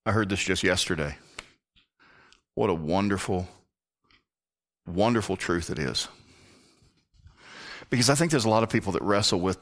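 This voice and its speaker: A man preaching an earnest sermon in a low, deep voice. He leans into his points and drops almost to a whisper when he wants them to land. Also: expressive, normal speed, pauses often. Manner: earnest, drops to a hushed near-whisper for emphasis.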